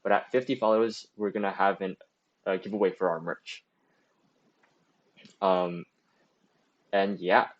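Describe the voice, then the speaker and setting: A young man in his late teens hosts a student stream, talking loosely and answering chat as he goes. His voice sits on the low side and keeps looping through fillers and self-corrections. The sound is dull and lo-fi, like a cheap streaming mic. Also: fairly even intonation, unhurried, long pauses. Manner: rambling, full of "like" and restarts. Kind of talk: casual livestream talk giving advice.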